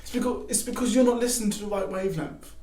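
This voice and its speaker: A young man giving casual faith advice to camera, animated, acting out excited quotes. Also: sits high, quick pace. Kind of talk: casual devotional talk to camera. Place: garage. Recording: echoey garage from a distance.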